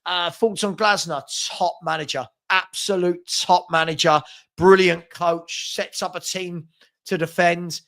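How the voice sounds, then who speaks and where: High-voiced chatty man hosting. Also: fairly even intonation, unhurried, a bit bright. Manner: chatty, reads comments aloud, frequent fillers and restarts. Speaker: fan channel host reading live chat. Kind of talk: casual live watchalong chat.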